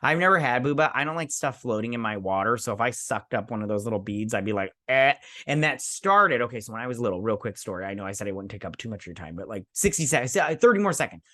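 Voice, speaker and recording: A man's voice: medium pitch, expressive, fast talker, hardly any pauses, pushed and bright, no echo, clean studio sound. A man hosting a casual episode recap, rambling and digressive, full of fillers and side stories. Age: adult parent. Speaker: show host reviewing an episode.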